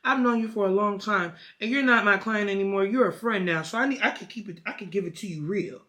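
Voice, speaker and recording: A woman's voice: mid-range voice, fast talker, sharp tone, close to an everyday voice. A woman voicing a blunt elderly woman therapist, about eighty, who talks frank and slangy. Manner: bold, slangy, matter-of-fact.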